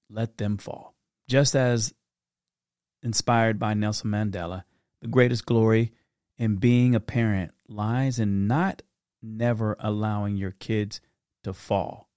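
Animated storytelling dad, dry sound. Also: male voice, on the low side, no room sound. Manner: animated storytelling with impressions and laughs. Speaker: parent giving advice. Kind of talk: casual monologue.

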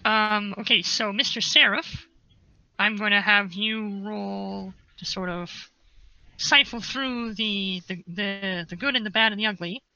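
A woman's voice: medium pitch, a little slow, sharp tone, lo-fi sound. A woman game master narrating a tabletop game in a casual way, with fillers.

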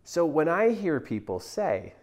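A man's voice: fairly high pitch, big pitch swings, a little slow, darkish tone. A man coaching listeners in a motivational talk, explaining with emphatic delivery and acted-out quotes. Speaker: mindset coach.

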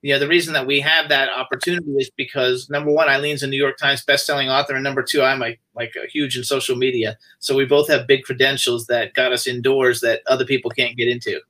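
Bright-toned man rambling about PR. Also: medium pitch, level tone, quick pace, few pauses, rough recording. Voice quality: rambling, lots of fillers. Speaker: PR agency co-owner. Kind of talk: livestream interview chat.

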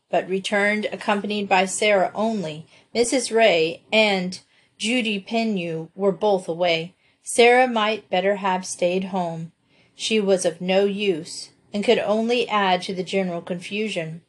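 A woman narrating a classic children's novel, reading steadily and expressively. Her voice sits at a middle pitch. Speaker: audiobook reader.

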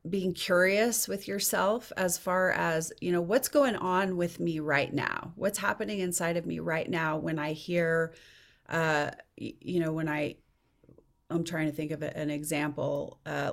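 A woman's voice: lowish voice, creaky, fairly bright tone. Thoughtful woman therapist in her forties. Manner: thoughtful, searching for examples, restarts. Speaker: guest therapist. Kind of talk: podcast interview.

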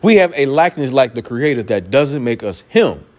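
A man's voice: medium pitch, big pitch swings, normal speed, a little mellow. A man preaching a sermon from the pulpit, emphatic and colloquial, repeating his points and firing off rhetorical questions. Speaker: pastor.

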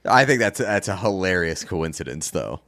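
A man in an easygoing podcast chat who laughs often and riffs on the joke at hand. His pitch moves a lot, and the sound is dry and close. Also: sing-song, normal speed, gravelly, fairly bright tone, no echo. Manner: laughs along, riffs on jokes. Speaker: podcast co-host. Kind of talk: casual chat.

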